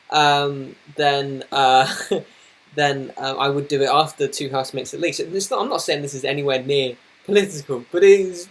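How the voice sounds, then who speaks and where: A young man live streaming at his computer, flustered and apologetic, rambling with many restarts. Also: a little high. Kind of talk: casual live-stream chat. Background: noisy laptop fan.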